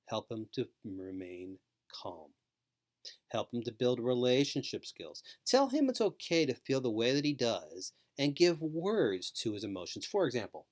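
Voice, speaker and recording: A man giving a scripted training lecture to caregivers, speaking slowly with calm, repetitive emphasis. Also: medium pitch. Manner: slow, repetitive, soothing emphasis.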